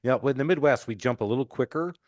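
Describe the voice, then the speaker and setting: A man from Michigan hosting a casual podcast chat, joking and telling stories in an animated way. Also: medium pitch, rapid-fire, dry recording. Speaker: podcast host.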